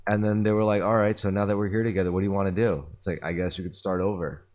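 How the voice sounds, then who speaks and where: A man's voice: low-pitched, steady tone, very fast, darkish tone. A man hosting a podcast, retelling a story in a rambling casual way with lots of fillers and swearing. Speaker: podcast host. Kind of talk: casual chat.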